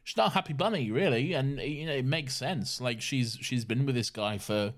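A man with a mid-range voice, co-hosting a casual podcast chat. He talks in a relaxed way, laughs often and hedges his points. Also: mid-range voice, normal speed. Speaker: podcast co-host.

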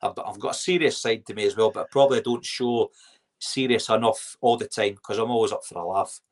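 A middle-aged Scottish man, a former footballer, telling lively anecdotes as a podcast guest, giggling and putting on voices. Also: fairly low pitch, a little fast. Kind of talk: casual storytelling interview.

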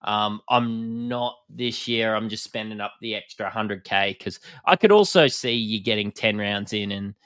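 A man's voice: lowish voice, measured pace, hardly any pauses, fairly bright tone, clean tone. A man co-hosting a casual fantasy sports podcast, easygoing and hedging his opinions. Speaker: podcast co-host.

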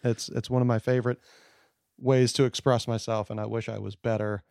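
A man hosting a podcast, talking in a loose, profane way that often trails off into quieter asides. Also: mid-range voice, little pitch movement, brisk, creaky, dry recording, clean studio sound. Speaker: podcast host. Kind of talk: casual podcast chat.

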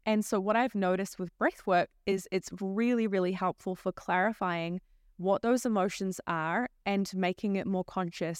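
Smooth-voiced woman breathwork teacher, reflective podcast guest, dry close sound. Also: mid-range voice, no echo. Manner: reflective, speaks in flowing stories. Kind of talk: casual conversation.

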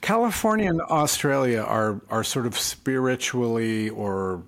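A sleepy man talking casually late at night as a podcast co-host, halting and trailing off. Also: mid-range voice, expressive, creaky, a bit bright. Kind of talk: casual chat.

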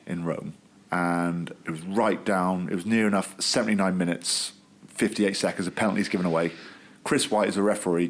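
A man, a former rugby player, telling jokey stories in a casual podcast chat. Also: low voice. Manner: storytelling, joking, laughs at own jokes.

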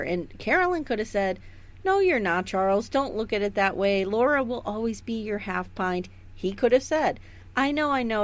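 A woman in her forties co-hosts a casual podcast in a fairly high voice that swoops up and down. She mocks and swears freely as she talks. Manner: animated, profane, mocking. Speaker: podcast co-host. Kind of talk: casual rewatch podcast chat.

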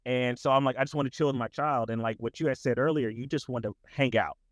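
A man's voice: medium pitch, quick pace, no echo. Young male guest, laid-back and rambling, medium voice, dry sound. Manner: relaxed, rambling, many fillers. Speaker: tutoring business owner, guest. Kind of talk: casual interview conversation.

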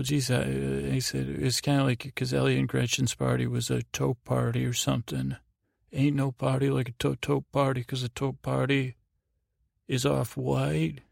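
A man's voice: mid-range voice, vocal fry, no echo, clean studio sound. A man hosting a sleep podcast, rambling through a show recap in a meandering, self-deprecating way. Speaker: podcast host.

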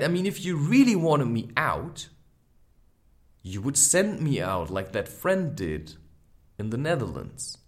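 A man in his thirties, hosting a podcast and telling a personal story in a reflective, candid way, full of asides like "you know" and "right". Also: medium pitch. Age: 30s. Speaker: podcast host.

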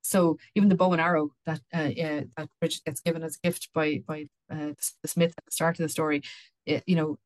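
A woman co-hosts a book podcast, talking casually about books and reading passages aloud, with lots of restarts and repeated words. Her voice sits low and sounds a little mellow, with a flat, brisk delivery.

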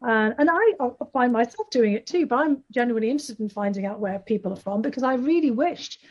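A woman's voice: a little high, animated, fast, a little mellow, dull audio. A woman with a Northeast English accent, an author answering interview questions at length, with many fillers and restarts. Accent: Northeast England. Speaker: author guest.

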